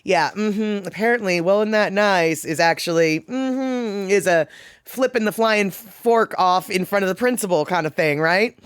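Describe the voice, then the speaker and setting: A middle-aged streamer talks loosely to their chat, wandering through stories with frequent laughs and restarts. The voice sits at an ordinary middle pitch and is captured close and dry, with no room sound around it. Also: expressive, a little slow, smooth, no room sound. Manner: rambling and chatty, laughs often. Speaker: livestream host reading chat. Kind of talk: casual chat.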